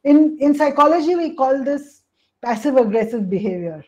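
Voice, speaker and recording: A woman's voice: high voice, animated, moderate pace, a little mellow, low-quality recording. A woman coach presenting a webinar on emotions, explaining at length and often saying "you know" and "hey, listen" over a call.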